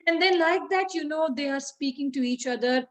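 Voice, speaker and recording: A woman's voice: high-pitched, moderate pace, poor audio. A woman, teaching children by retelling a story in a chatty way, with many fillers and questions to the class.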